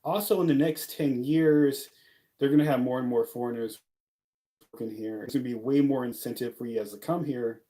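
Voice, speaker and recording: A man's voice: mid-range voice, fairly even intonation, fairly quick, warm tone. A young man chatting casually in a vlog, rambling and joking, with many fillers and laughs. He is from the United States. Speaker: vlogger living abroad. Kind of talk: casual talking-head vlog.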